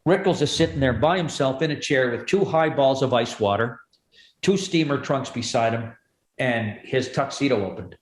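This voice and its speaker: A man, a guest comedian, telling vivid comic stories in rapid bursts. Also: medium pitch. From Canada. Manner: rapid, vivid comic storytelling with voiced impressions. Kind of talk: animated storytelling chat. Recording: echoey room.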